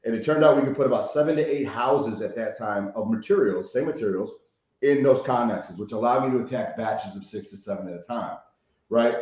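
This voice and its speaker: A man from Chicago tells stories as a podcast guest, animated and profane, often checking in with "right?". His voice sits mid-range and rings in a very echoey room. The recording is dull and muffled. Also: mid-range voice. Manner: animated storyteller, swears freely, frequent "right?" tags. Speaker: guest, rehab consultant. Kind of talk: casual podcast interview.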